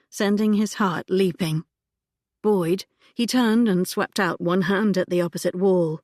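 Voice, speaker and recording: A woman narrating an audiobook in a measured, even manner on a close microphone. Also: lowish voice, no echo.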